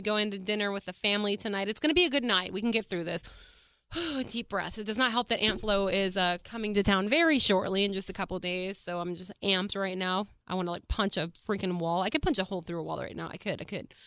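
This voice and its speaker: A woman's voice: mid-range voice, fairly quick, bright, forceful tone, clear, resonant tone, dry recording, studio quality. A young adult woman hosting her own podcast, chatting casually and animatedly, swearing freely and saying "like" a lot. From Texas. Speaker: podcast host. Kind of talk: casual solo podcast chat.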